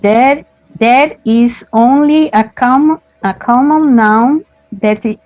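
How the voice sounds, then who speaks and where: A woman student learning English answers grammar questions at a very slow, careful pace, often breaking off and restarting words. The audio is dull and lo-fi, as from an online class. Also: fairly high pitch, darkish tone, dry recording. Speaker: adult student.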